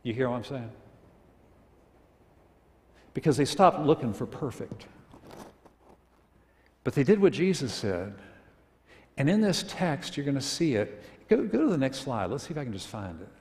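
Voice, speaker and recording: A man's voice: medium pitch, big pitch swings, normal speed, long pauses, darkish tone. Folksy male pastor, echoey sanctuary. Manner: folksy humorous storytelling; leads congregation in reading aloud. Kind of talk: sermon. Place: church sanctuary. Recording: echoey church hall.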